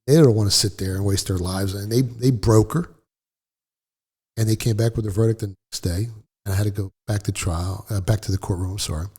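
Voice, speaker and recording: A middle-aged man telling a personal story in a blunt, profane, animated way, as a guest in a casual interview. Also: lowish voice, a little fast, breathy edge.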